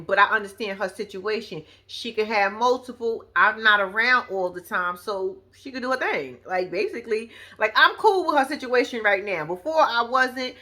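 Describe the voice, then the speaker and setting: A woman's voice: medium pitch, sharp tone. A woman recapping a reality show episode in casual, profane chat, talking straight to her viewers.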